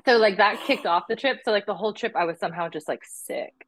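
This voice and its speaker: Chatty and fast-talking, a young woman with a medium-pitched, somewhat bright voice recounts stories casually. She says "like" constantly and performs the quotes she relays.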